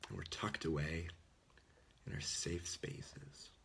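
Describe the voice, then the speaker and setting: A man's voice: deep voice, slow, vocal fry, fairly bright tone, breathy edge. A man giving an earnest, informal Christian talk, often dropping to a whisper. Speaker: Catholic speaker. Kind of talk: casual sermon.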